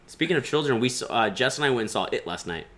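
A man hosts a podcast in loose, joking chat and curses freely. His pitch jumps around a lot as he talks. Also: a little hiss or hum. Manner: animated, joking, profane. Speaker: podcast host. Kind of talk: casual chat.

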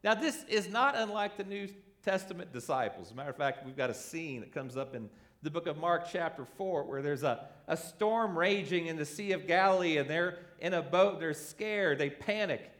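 Male pastor mid-sermon, high, lively delivery, acts out the quotes. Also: moderate pace, hardly any pauses. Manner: animated, acts out quoted voices.

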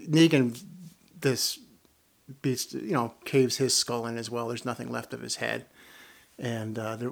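A man's voice: mid-range voice, gravelly, fairly bright tone. A man giving a casual, rambling review of a TV episode, chuckling as he retells the scenes. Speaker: TV show reviewer. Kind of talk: casual spoken review and rant.

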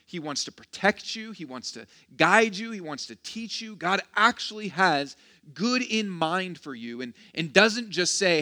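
A man's voice: high voice, lively intonation, a little slow, sharp tone. A man preaching a sermon as pastor, casual and joking, with self-deprecating asides and frequent restarts. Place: church.

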